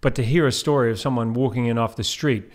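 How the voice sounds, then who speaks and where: A man's voice: mid-range voice, quick pace. A man hosting an interview who asks curious follow-up questions.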